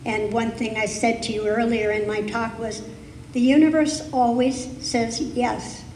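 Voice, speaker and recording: A woman giving a sermon as guest speaker, with slow, deliberate, emphatic phrasing, recorded on a live stream in a spiritual center's sanctuary. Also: a little high, steady tone, noisy background. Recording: echoey hall, live stream.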